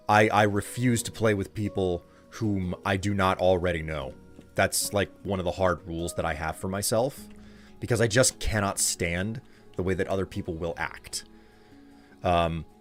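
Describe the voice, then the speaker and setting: A man streaming a game live, chatting with viewers in a loose, rambling way full of fillers and restarts. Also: sits low. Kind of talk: casual chat while streaming a game.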